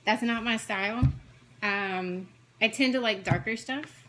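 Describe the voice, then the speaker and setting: Chatty woman, fast and gushing. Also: a little high, background noise. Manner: fast, chatty, jumps between topics; excitable, gushing. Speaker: cross-stitch vlogger. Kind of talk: casual chat showing craft projects.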